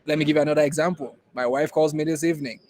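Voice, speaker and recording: A man's voice: fairly high pitch, fairly even intonation, rapid-fire, a little mellow, poor audio. Emphatic Nigerian man lecturing a class. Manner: emphatic, repeats key points for emphasis. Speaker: innovation program instructor.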